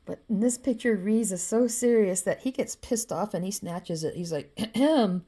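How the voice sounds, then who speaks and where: A woman with a warm, mellow voice rambles casually about her own drawings. She swears freely and fills the gaps with "you know.". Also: mid-range voice, normal speed. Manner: loose and profane, with frequent "you know" and laughs. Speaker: vlogger showing her drawings.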